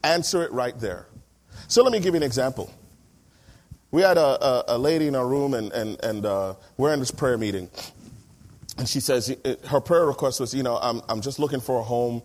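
A man in his thirties preaching a sermon as pastor, lively and emphatic, slowing down on key words and acting out the people he quotes. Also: medium pitch. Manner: animated, acts out quoted voices, slows for emphasis.

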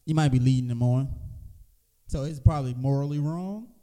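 A man's voice: medium pitch, fairly quick, dark tone. Laid-back man with dry quips. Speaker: podcast co-host. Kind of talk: casual comedic chat.

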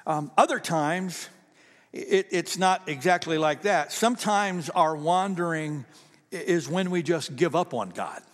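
A pastor preaches a sermon in a conversational style, frequently repeating words. His voice is fairly high and a little slow, and the recording has the long reverb of a large hall.

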